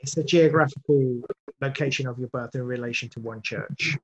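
A man's voice: mid-range voice, a little fast, dull audio, crowd noise. A man, a guest producer of audio drama, chatting in an interview and often breaking off to restart his sentences. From England. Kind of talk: podcast interview.

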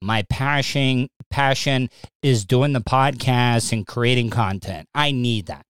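A man's voice: mid-range voice, slow pace, a bit bright, clean tone, dry recording. A man hosting his own live stream, talking casually and rambling, with stammering restarts and flashes of agitation. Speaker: live stream podcast host. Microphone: streaming setup mic.

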